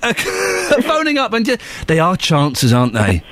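A man's voice: high-pitched, wildly swooping pitch, measured pace, gravelly, fairly bright tone. A man hosting a call-in radio show, joking and laughing with callers. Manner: jokey, laughs often. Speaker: radio host.

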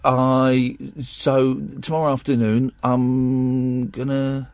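A man's voice: medium pitch, little pitch movement, slow, darkish tone, no echo. A man hosting a radio show, chatting casually on air in a rambling way with plenty of restarts.

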